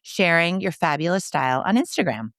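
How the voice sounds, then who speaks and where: A woman co-hosts a podcast with a fairly low voice, chatting casually. She is quick to agree and relate to her guest, and she is recorded close and dry. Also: lively intonation, a bit bright, no echo. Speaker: podcast co-host. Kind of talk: casual chat.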